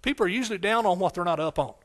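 A man's voice: high-pitched, lively intonation, racing, a bit bright. A man preaching a sermon as pastor, with emphatic, repetitive phrasing and frequent call-and-response questions to his congregation.

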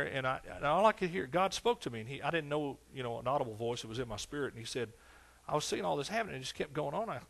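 A man's voice: medium pitch, vocal fry, a bit bright. A man in his sixties with an East Texas accent, preaching a sermon with fervent exclamations and folksy storytelling. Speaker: pastor.

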